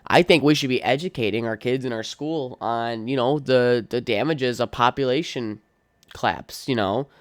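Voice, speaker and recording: A man's voice: mid-range voice, normal speed, no room sound. A young adult man hosting a podcast, ranting casually in a blunt, profane, opinionated way full of "like" and "um". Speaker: podcast host. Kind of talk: casual solo rant.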